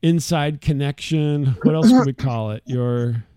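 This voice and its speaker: A middle-aged man co-hosting a podcast, telling a story in a lively, casual way and mimicking the voices of others. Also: a little high, measured pace, clear, resonant tone, no room sound, clean studio sound. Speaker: podcast co-host. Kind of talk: casual chat.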